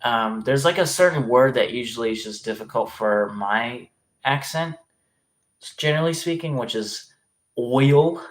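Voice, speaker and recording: Young male streamer, loose and rambly, regional accent, swears easy, mid-pitched. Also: lively intonation, normal speed, a bit bright. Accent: regional dialect, place unstated. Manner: rambling, filler-heavy, swears casually. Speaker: livestream host. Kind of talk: casual live-stream chat.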